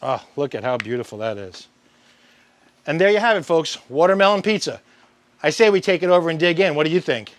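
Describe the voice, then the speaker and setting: A man's voice: on the high side, lively intonation, a little fast. Upbeat man hosting a grilling demo. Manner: upbeat, chatty, addresses viewers directly. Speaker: grilling show host. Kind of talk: cooking demonstration to camera.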